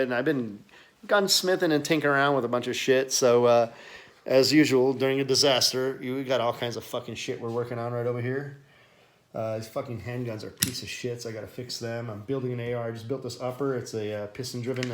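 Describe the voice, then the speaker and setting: A man who runs a car repair shop, showing his workshop in a profane, rambling, casual way. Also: medium pitch. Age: adult with children. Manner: profane, ranting, casual bro talk. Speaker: auto mechanic and shop owner. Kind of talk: unscripted workshop tour.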